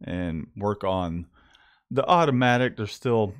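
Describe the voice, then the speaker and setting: Man, casual stream host, relaxed, laughs often, animated intonation. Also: lowish voice, takes it slowly, clean tone. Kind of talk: casual live stream chat. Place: screen printing shop.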